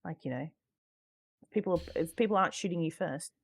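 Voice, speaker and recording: A woman with a notably low voice talks through a relaxed, unscripted conversation. She swears freely, laughs often and keeps reaching for "like" as she goes. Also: a little fast. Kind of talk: casual chat about roleplay gaming.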